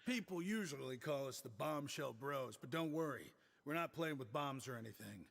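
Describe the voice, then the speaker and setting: An actor playing a sly, smooth-talking male informant in a video game, eager to trade rumors. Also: medium pitch, expressive, normal speed, a bit bright. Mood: persuasive. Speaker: game character. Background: game music.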